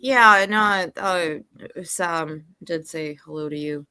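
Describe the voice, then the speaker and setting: Brief: woman hosting a live stream, laid-back and giggly, slow delivery, dry sound. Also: fairly low pitch, sharp tone, smooth, no room sound. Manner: giggly, hesitant, trails off. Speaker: stream host. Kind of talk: casual chat on a livestream.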